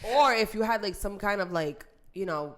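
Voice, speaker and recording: A woman co-hosting a podcast, chatting casually and jumping in with quick reactions and asides. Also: medium pitch, expressive. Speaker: podcast co-host. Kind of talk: casual chat.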